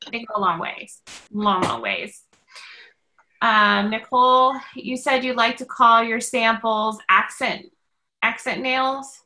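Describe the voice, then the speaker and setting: A woman's voice: on the high side, pushed and bright, poor audio. A woman leading a casual team call, speaking in an encouraging way and using fillers often.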